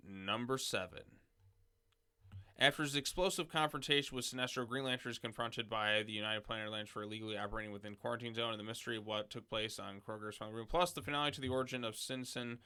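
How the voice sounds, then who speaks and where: A man hosts a laid-back commentary video, reading blurbs aloud and then adding loose, off-the-cuff remarks. His voice is bright and crisp, with a smooth, clear tone. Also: lowish voice, brisk. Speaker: comics video host. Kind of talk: casual commentary reading comic solicitations.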